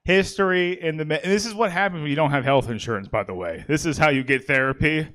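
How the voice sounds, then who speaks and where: A man's voice: a little high, quick pace, a bit bright. Rambling man doing stand-up. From California. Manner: rambling, self-mocking, frequent "all right?". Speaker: stand-up comic and emcee. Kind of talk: stand-up comedy set. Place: live comedy stage.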